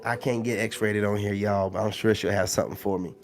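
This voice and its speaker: A man's voice: fairly low pitch, steady tone, fairly quick, soft background music. A man hosting a casual live stream, talking loosely with lots of slang and filler phrases. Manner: loose, slangy, full of "you know what I'm saying" fillers.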